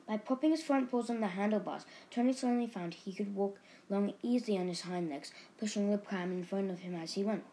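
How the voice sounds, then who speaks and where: A woman narrating a children's storybook with a lively, expressive delivery. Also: mid-range voice, a little fast, hardly any pauses, poor audio. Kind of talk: storybook reading.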